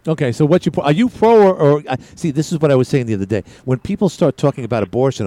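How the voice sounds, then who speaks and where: A male talk radio host chats loosely on air, his pitch rising and falling a lot as he goes. He rambles, stumbles and restarts his sentences, and he talks over his callers. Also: sing-song, very fast, hardly any pauses, dark tone, no room sound. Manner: interrupts callers. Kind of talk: casual talk radio chat.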